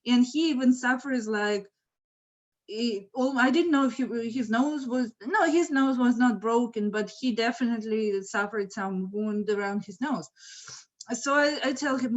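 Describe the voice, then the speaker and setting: A woman telling a true story in a casual, animated way, laughing now and then, over a video call. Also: on the high side, unhurried, muffled recording. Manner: lively, animated, laughs mid-sentence. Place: home, virtual event.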